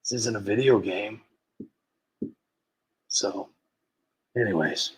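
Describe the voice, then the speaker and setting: A man's voice: fairly low pitch, slow pace, rough recording. A man hosting a casual livestream, rambling and joking as he reads out viewers' names, laughing often and a bit tipsy. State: tipsy from wine. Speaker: livestream host.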